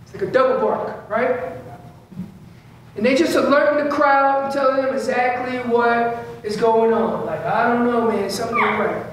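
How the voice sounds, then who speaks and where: In a large indoor store space, a man with an extremely high voice leads an informal elk-calling seminar at a moderate pace. He repeats key phrases, voices what the elk are thinking, and uses casual slang, while the echoey room, distant mic, and faint hum color the recording.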